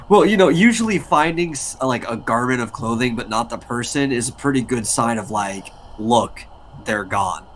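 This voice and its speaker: A man's voice: medium pitch, lively intonation, fairly quick, few pauses, a bit bright, slight background noise. A man chiming in on a casual live stream with wry remarks and suggestions.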